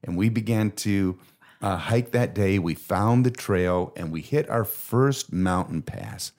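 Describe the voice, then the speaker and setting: A middle-aged man with a low, deep voice tells a heartfelt story as a podcast co-host. He speaks earnestly and with feeling, in the reflective manner of faith talk. His steady, low delivery carries a sincere, encouraging weight. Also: slow.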